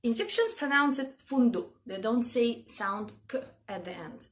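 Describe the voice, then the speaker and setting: A woman from Russia with a Russian accent, calmly explaining word meanings to her viewers in a casual vlog. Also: fairly high pitch, moderate pace. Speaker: language video host.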